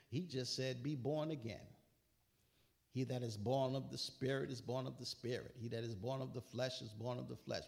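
A man's voice: mid-range voice, creaky. A man preaching a sermon, quoting scripture with rising, emphatic bursts and casual asides.

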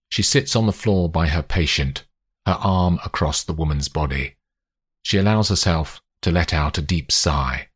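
Slow, deep, husky male narrator. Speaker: audiobook narrator. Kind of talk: scripted narration.

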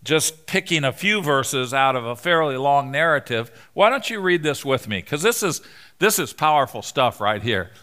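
A man preaching a sermon in a church, animated and conversational, joking with the congregation. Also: mid-range voice, normal speed. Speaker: preacher, Bible teacher.

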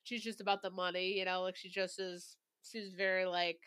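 A woman's voice: lowish voice, level tone, moderate pace, a bit bright, clear, resonant tone, dry recording, studio quality. A woman co-hosting a casual movie review podcast, chatty and full of "like" fillers. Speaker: podcast co-host.

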